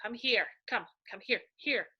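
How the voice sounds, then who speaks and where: A woman teacher giving a slow, animated sight-word lesson to young children, pointing to pictures as she goes. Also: fairly high pitch, breathy edge, muffled recording.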